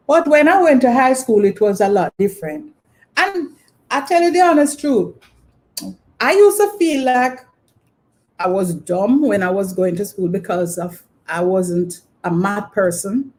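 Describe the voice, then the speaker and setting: A woman's voice: medium pitch, normal speed, a little mellow. A middle-aged Jamaican woman hosting her channel, telling rambling stories about her school days with lots of "you know". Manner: rambling, filler-heavy storytelling. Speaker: channel host. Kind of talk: casual reminiscing monologue.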